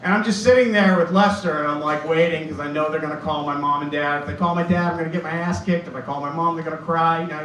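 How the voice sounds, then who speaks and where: A man's voice: on the high side, steady tone, fast talker, few pauses. A man in his fifties doing a stand-up set, telling a story and acting out the people in it. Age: 50s. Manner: storytelling, acts out quoted voices. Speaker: stand-up comedian. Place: comedy club stage. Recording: echoey club from far off, loud ambience.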